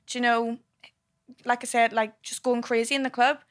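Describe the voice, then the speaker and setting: A young woman, a dancer appearing as a podcast guest, chatting casually and telling her stories in an animated way. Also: a little high, normal speed. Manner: animated storytelling. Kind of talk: casual chat.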